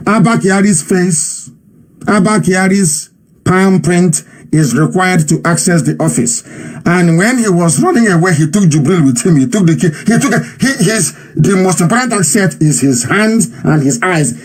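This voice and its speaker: A fairly high-voiced man with a Nigerian accent and a husky edge hosts a live radio broadcast. He talks in an impassioned, mocking way and hammers his points home by repeating them. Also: lively intonation, normal speed. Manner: mocking, repetitive, emphatic.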